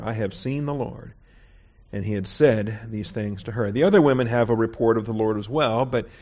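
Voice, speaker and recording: A man's voice: mid-range voice, darkish tone. A man teaching a verse-by-verse Bible lesson in a conversational way, often checking in with his listeners. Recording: dull, lo-fi recording.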